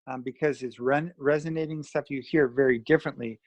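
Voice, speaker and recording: A man's voice: medium pitch, steady tone, a little fast, no echo, highs cut off. A man from Canada co-hosting a casual chat in an easygoing, reflective way. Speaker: podcast co-host.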